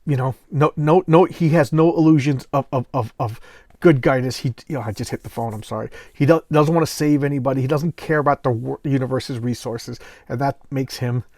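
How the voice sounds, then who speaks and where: A man hosting casual comic book commentary, retelling a story in an animated, rambling way. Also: mid-range voice, brisk, dry recording, clean studio sound.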